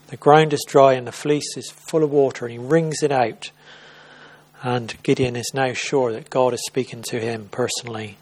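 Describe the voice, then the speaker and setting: With a mid-range voice, a man preaches an informal sermon at church. He tells a Bible story conversationally, repeatedly starting over and saying words twice.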